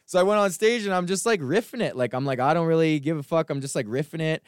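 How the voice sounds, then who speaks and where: A man's voice: on the high side, quick pace, dry recording, studio quality. A man hosting his own podcast, telling rambling, profane stories in a casual rant, from Canada. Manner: profane, rambling storytelling with laughs. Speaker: podcast host.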